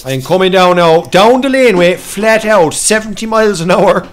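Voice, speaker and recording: A man's voice: high voice, animated, normal speed. An Irish man hosting a live farming game stream, reading out chat and slagging his friends. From Ireland. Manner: banter and slagging, reading out chat, frequent laughs. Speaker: livestream host.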